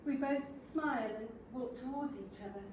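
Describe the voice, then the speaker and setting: An older woman, performing a comic stage monologue in a wry, self-deprecating, expressive manner. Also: sits high, normal speed, background noise. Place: theatre stage. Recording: roomy theatre, from a distant mic.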